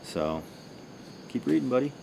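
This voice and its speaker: A man's voice: mid-range voice, very animated, normal speed, vocal fry, noisy background. Easygoing man rambling on a livestream. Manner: loose and rambling, full of fillers, jokey. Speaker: co-host of a livestream. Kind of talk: casual livestream chat.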